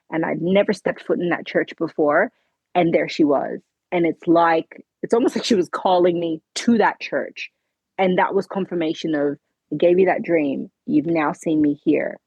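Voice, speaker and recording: Woman guest, husky low voice, halting emotional testimony, dry sound. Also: darkish tone, dry recording, dull audio. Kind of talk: personal testimony interview.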